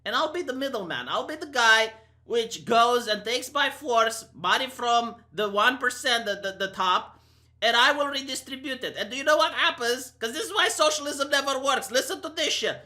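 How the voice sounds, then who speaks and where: A woman's voice: fairly high pitch, expressive, moderate pace, pushed and bright. A woman in her thirties with a Romanian accent, ranting sarcastically and profanely in an opinion vlog. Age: 30s. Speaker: commentary vlogger. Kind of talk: opinion rant to camera.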